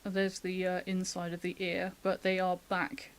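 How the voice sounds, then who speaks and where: Low-pitched, monotone, and a little slow, this UK woman's voice leads a casual drawing demo streamed live. She is an artist who chats, thinks aloud while sketching, and laughs frequently.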